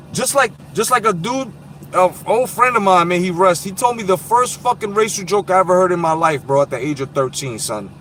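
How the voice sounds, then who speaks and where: A blunt, profane man in his thirties runs a casual live stream in streetwise slang, his voice pitched a little high. Faint street noise hums behind him, as if he were speaking into a phone outdoors. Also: a bit bright. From Puerto Rican heritage. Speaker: boxing live-stream host.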